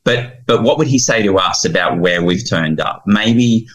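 A man speaking as a guest in an interview, heartfelt and earnest, animated when he retells scenes. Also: fairly low pitch, normal speed, poor audio. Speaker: guest, founder of a fathers' ministry.

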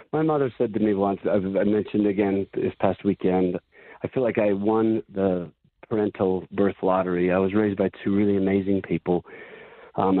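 A man's voice: lowish voice, dry recording. A man in his fifties, a podcast guest, talking earnestly and thoughtfully in musing phrases. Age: 50s. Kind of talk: reflective conversation. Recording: tinny phone-line audio.

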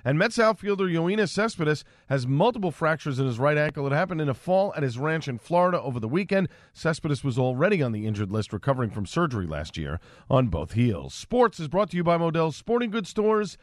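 A man reading news and sports headlines in a crisp radio newscast delivery. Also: medium pitch, lively intonation, a little fast, no room sound, clean studio sound.

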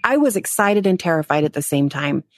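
Animated woman telling a story, dry sound. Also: low-pitched, a little fast, no echo. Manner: animated storyteller, acts out quotes with laughter. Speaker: podcast guest. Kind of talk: storytelling interview.

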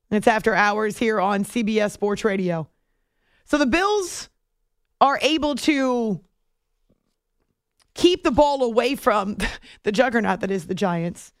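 A woman with a fairly high-pitched voice hosts a late-night sports radio show from a radio studio, recorded on a studio microphone at studio quality with no echo. She talks casually, dropping sarcastic, self-mocking asides.

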